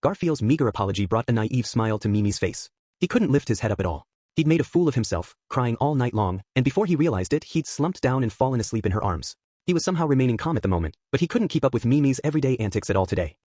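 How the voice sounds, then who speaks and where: Fast husky male audiobook narrator. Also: medium pitch, big pitch swings, a little mellow, dry recording, studio quality. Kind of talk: scripted narration.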